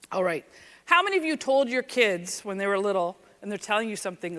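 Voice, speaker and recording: A woman, a former police officer, giving a conference keynote in an animated, conversational storytelling manner on a stage microphone. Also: medium pitch, moderate pace, long pauses. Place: large conference hall stage. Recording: reverberant large hall.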